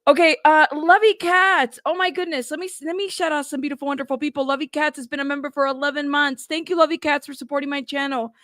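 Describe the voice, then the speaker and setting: Brief: high-voiced woman host, bubbly, greets her chat, dry close mic. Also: fairly even intonation, fast talker, few pauses, no echo. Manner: bubbly, shouting out chat members by name. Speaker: livestream host. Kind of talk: casual livestream chat. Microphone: plug-in mic at a computer.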